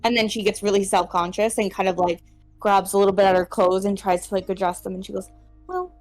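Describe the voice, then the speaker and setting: A woman's voice: medium pitch, flat delivery, fast, soft background music. A woman player casually narrating her character's actions in a tabletop game, with some hesitation.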